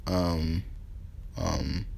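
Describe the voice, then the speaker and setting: A young man with a slightly low-pitched voice telling a fan story off the cuff. He is laid-back and profane, and he trails off with plenty of ums and laughs at his own jokes. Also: flat delivery, extremely slow, gravelly, a little mellow. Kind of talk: casual fan-fiction storytelling.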